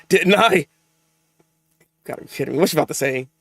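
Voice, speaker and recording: A man hosting a live manga reaction, excitable and exasperated, with frequent restarts and repeated words. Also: a little high, gravelly, husky, no echo. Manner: excitable, exasperated, talks fast with many restarts.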